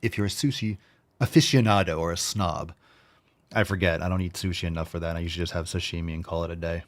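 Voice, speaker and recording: A podcast host with a low-pitched male voice, rambling through casual chat. He swears freely and jokes as he goes, jumping from tangent to tangent. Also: steady tone, quick pace. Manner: rambling, profane, jokey.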